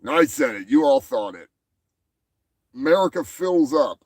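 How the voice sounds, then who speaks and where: A man hosting a show in a crude, profane comedy rant, mocking people and shouting when worked up. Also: medium pitch, expressive, moderate pace, long pauses, dry recording. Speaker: podcast host.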